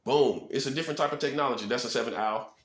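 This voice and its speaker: A self-styled prophet giving a rhetorical preaching monologue in his apartment, firing questions at the listener, stamping points with a quick "boom" and chuckling at his own lines. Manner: rhetorical, fast-talking, punctuates points with "boom". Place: apartment room. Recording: echoey room.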